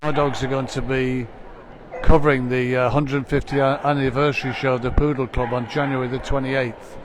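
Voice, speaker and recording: A man's voice: mid-range voice, little pitch movement, moderate pace, noisy background. A man presenting a live dog show stream, chatting with his co-commentator and reading out greetings from viewers.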